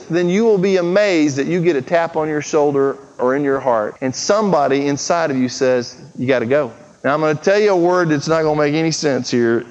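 Pastor mid-sermon, earnest and pressing, somewhat high voice, dull recording with long church reverb. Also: male voice. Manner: earnest, urgent preaching with acted-out quotes. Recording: muffled, with long hall reverb.

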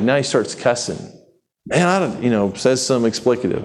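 A man preaching a sermon in a conversational, animated way, acting out the people he quotes in his own voice. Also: fairly low pitch, moderate pace.

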